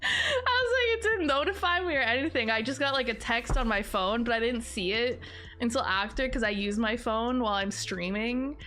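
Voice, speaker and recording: A young woman live-streaming, chatting casually to her viewers in a rambling way and breaking into high laughter. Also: lively intonation, moderate pace, bright, forceful tone.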